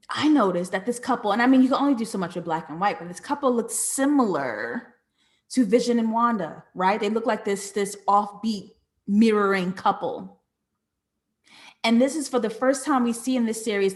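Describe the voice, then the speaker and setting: A woman hosts a live streamed breakdown of a series, thinking out loud and answering her chat as she goes. Her voice sits a little high, and she delivers it in an animated, conversational way. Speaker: live show host reading chat comments. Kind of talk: casual live-stream commentary.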